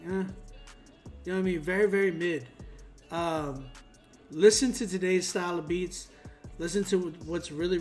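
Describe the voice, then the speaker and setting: A young man, a music producer, casually critiquing a rap submission in a rambling, laid-back way with many fillers. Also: high-pitched.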